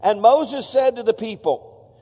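Man, pastor, sermon, playful and feisty, high mellow voice, long church-hall reverb. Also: a little slow, husky. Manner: playful, feisty, breaks off to joke. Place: church sanctuary.

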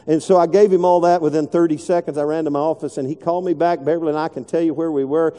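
A middle-aged man, telling a folksy story in a sermon and dropping his voice low when he quotes people. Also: steady tone, quick pace, hardly any pauses, dark tone. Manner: folksy, repetitive, drops voice low when quoting. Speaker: pastor. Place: large church sanctuary. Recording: long echo of a big hall.

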